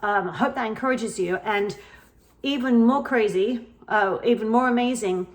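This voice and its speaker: A woman's voice: on the high side, normal speed. Earnest woman telling a personal story. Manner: earnest, emphatic, repeats phrases for emphasis. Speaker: spiritual vlogger.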